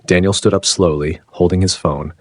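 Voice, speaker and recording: A man narrates a dramatic story with slow, suspenseful delivery. His voice is very deep and husky, and the recording is dry and close. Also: fairly even intonation, dry recording.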